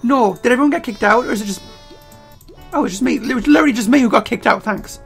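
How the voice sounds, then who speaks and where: A man giving casual game commentary while playing, excitable and prone to loud outbursts, his throat getting strained. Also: extremely high pitch, quick pace, vocal fry, breathy edge, soft background music. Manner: excitable, bursts into loud yelling. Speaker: let's play gamer.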